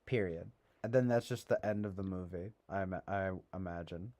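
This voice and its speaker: A man's voice: low-pitched, brisk, warm tone. A man hosting a casual livestream, rambling with lots of fillers and a sarcastic edge. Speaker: livestream host.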